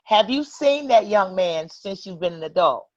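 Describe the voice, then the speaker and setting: A woman hosting a relaxed conversation, animated and emotional as she tells a story. The sound is lo-fi and dull. It is also dry, with no room echo. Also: medium pitch, normal speed. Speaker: host. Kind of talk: casual chat.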